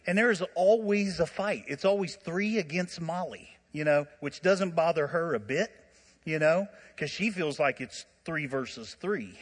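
A man preaching a sermon, telling stories in an animated way with frequent laughter and asides. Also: a little high, unhurried, husky, big-room sound. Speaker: pastor.

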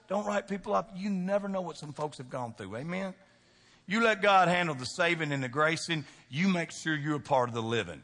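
A man's voice: a little high, a little fast, bright, forceful tone, long reverb tail. A man pastor preaching a sermon, emphatic and folksy, throwing call-and-response questions to the congregation. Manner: folksy, joking asides to the congregation.

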